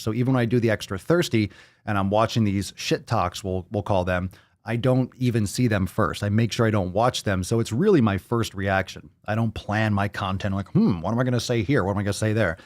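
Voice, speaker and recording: A man hosting a live podcast stream, talking loudly and excitedly, repeating phrases and swearing often. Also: lowish voice, no room sound, clean studio sound. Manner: plays soundboard clips. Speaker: podcast host.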